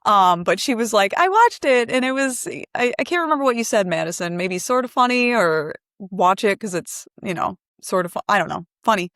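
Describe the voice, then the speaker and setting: A woman in casual podcast chat, mid-pitched and recorded dry and close. She is chatty and playful, with plenty of casual filler. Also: animated, fairly quick, hardly any pauses, a bit bright, dry recording. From Michigan. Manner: chatty, playful, easily laughing. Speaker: podcast co-host.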